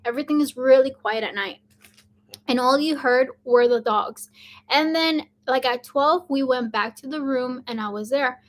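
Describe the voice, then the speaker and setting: Chatty young woman, high voice. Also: normal speed. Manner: chatty, many fillers like "like" and "um". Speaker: vlogger. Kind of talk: casual storytelling to camera.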